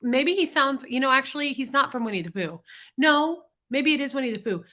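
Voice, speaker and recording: A woman's voice: high-pitched, a little fast, pushed and bright. A woman hosting a casual livestream, congested from illness, chatting and greeting viewers by name. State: congested, sick voice. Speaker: livestream host. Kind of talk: casual livestream chat reading comments.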